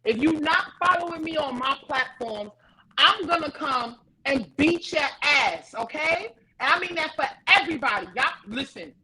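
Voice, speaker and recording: High-voiced woman co-host cracking jokes. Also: animated, moderate pace, pushed and bright, low-quality recording. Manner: playful, joking interjections with laughter. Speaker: podcast co-host. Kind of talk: casual chat.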